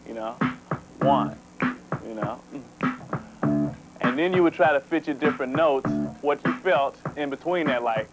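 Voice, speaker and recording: A man's voice: fairly high pitch, animated, a little fast, low-quality recording. A man casually demonstrating a funk groove, counting beats aloud, chuckling and repeating "you know" in a laid-back way. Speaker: funk bassist guest. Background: loud band music.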